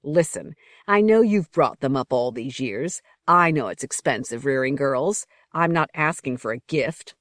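Smirking boastful young lord, a woman reading, low-pitched, close and dry. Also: lively intonation, unhurried, fairly bright tone, no room sound, full character voice. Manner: bland, vicious, cajoling.

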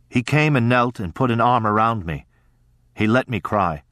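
Male audiobook narrator, measured and steady, mid pitch, really dry close sound. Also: dry recording. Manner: measured, even storytelling. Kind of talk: scripted narration.

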